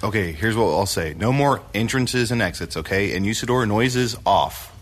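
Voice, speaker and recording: A man's voice: fairly low pitch, expressive, moderate pace. A man co-hosting an improvised comedy podcast, making dry, teasing remarks.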